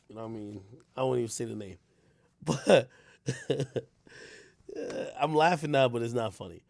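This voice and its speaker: A man talking casually on his stream, rambling with stammered restarts, dropping to low mutters and rising to shouts. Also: no room sound, clean studio sound. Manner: frequent stammered restarts and fillers. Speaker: streamer host.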